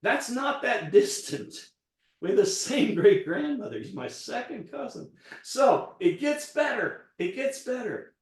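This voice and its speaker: A man's voice: extremely high pitch, lively intonation, measured pace. A man, a guest chef, telling a rambling personal story in casual chat while cooking. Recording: roomy echo.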